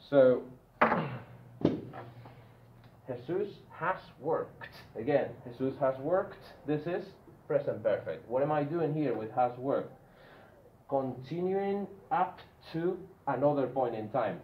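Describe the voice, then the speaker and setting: A man teaching an English grammar lesson. He explains slowly, repeats and stresses key words one at a time, and keeps checking that the listener follows. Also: mid-range voice, lively intonation, echoey room, phone-quality sound, slight background noise.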